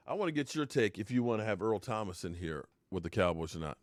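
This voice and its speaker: A man's voice: fairly low pitch, expressive, fast talker, few pauses, dry recording. A man hosting a casual live stream about football, rambling, answering viewers' comments and slipping into playful mock heartbreak. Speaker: live-stream sports talk host.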